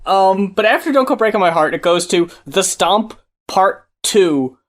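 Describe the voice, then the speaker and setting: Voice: mid-range voice, expressive. A podcast co-host in casual album review chat, swearing freely and slipping into mock singing and lyric reading. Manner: slow, swearing, mock-sings and reads lyrics aloud.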